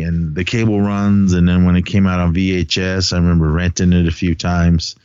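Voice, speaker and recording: A podcast co-host with a very low, steady, slightly mellow voice rambles through a casual chat about films, laughing often and filling pauses with "uh" and "um." The sound is clean with no echo, but dry and a bit dull, as if from a modest home mic.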